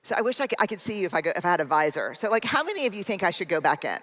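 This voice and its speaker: Very animated and very fast, a middle-aged woman with a low voice and fairly bright tone gives a self-deprecating, humorous keynote in a large conference hall. Telling a personal story, she speaks directly to her audience, and long hall reverb fills the recording.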